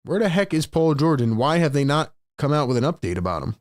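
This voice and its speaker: Male sports streamer, higher voice, dry close mic, emotional, repeats himself for emphasis. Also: sing-song, fast talker, dry recording. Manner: emotional, swings between hyped shouting and frustrated muttering. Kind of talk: live play-by-play reaction stream.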